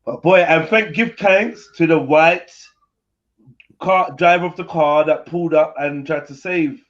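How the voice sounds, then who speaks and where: A man's voice: a little high, a little slow, fairly bright tone, dull audio. A man hosting a live panel chat, blunt and slangy in his reactions. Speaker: host.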